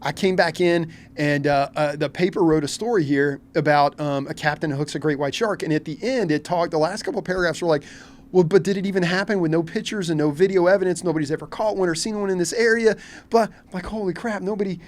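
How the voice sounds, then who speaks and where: A man's voice: on the high side, quick pace. A middle-aged man from Kentucky, a fishing captain, telling a story as a podcast guest and acting out his own reactions. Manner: animated, acts out his own reactions in quotes.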